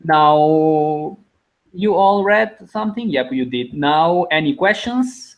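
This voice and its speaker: A man's voice: on the high side, animated, slow pace, lo-fi sound. Patient man teaching a language class online. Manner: patient, encouraging, explains step by step.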